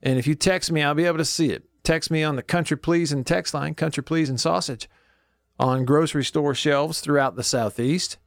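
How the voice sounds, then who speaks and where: Folksy radio host, dry studio sound. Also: male voice, fairly high pitch, fairly even intonation, normal speed, gravelly, dry recording. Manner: folksy and chatty, thinks aloud while clicking around. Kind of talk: casual talk radio chat. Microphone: studio microphone.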